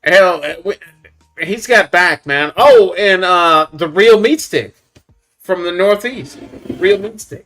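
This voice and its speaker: A man hosting a casual barbecue livestream, chatting loosely with viewers and giving shout-outs. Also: high voice, expressive, takes it slowly, soft background music. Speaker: livestream host.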